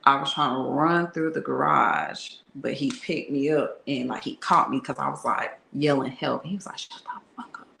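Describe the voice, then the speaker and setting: A woman's voice: very deep voice, moderate pace, vocal fry, hardly any pauses, sharp tone, a little hiss or hum. A woman telling a candid personal story in a frank, slangy, conversational way that is broken up with laughter. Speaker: tarot reader and channel host. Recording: echoey room.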